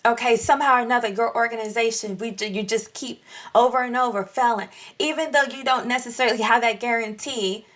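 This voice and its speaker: A woman hosting a devotional podcast, preaching with animated energy and addressing her listeners as y'all. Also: on the high side, fairly quick. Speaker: Christian podcast host. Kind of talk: devotional teaching.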